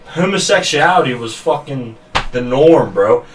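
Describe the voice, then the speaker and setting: A man's voice: mid-range voice, lively intonation, unhurried, roomy sound, rough recording. A young man co-hosting a casual podcast, joking and arguing his point with fillers. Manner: joking, argumentative, hesitant fillers. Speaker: podcast co-host. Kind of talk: casual chat.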